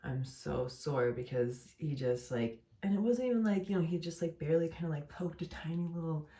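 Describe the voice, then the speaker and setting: A woman's voice: sits low, fairly quick, warm tone. A young woman venting late at night at home, in pain and worn down, rambling with lots of fillers and self-corrections. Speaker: vlogger. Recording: roomy echo.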